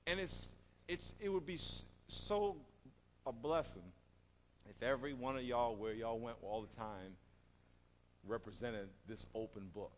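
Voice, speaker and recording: A man preaching a sermon in an animated, emphatic way, asking his congregation rhetorical questions. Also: mid-range voice, unhurried, a little hiss or hum. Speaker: pastor. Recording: reverberant hall.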